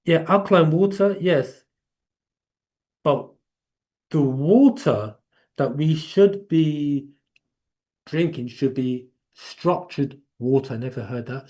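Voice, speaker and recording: A man's voice: fairly high pitch, animated, slow pace, long pauses, warm tone. A man with an English accent hosting a live online class in a chatty, rambling way. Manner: chatty, rambling, laughs easily. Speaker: class host. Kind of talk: casual live class talk.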